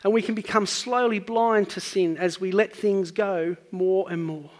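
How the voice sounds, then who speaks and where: A man's voice: sits high, steady tone, measured pace, big-room sound. A man preaching a sermon, earnestly teaching and building up to emphatic points.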